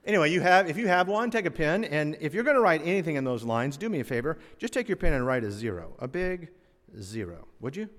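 A man's voice: fairly high pitch, sing-song, fast, a bit bright. Male preacher, conversational and wry, recorded in a reverberant sanctuary. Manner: conversational preaching with asides and humor. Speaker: pastor. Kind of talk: sermon. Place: church sanctuary. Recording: long hall reverb.

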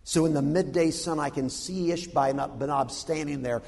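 Preacher guy, kinda high voice, animated funny storytelling, long hall reverb. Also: creaky. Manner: animated, humorous, dramatic pauses. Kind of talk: sermon storytelling.

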